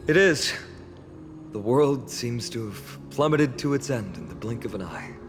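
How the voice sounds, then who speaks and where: A man's voice: mid-range voice, expressive, unhurried, close to an everyday voice. An actor voicing a determined young male hero in a video game, who talks in a resolute, upbeat way as he leads his companions on. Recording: reverberant game audio with loud music.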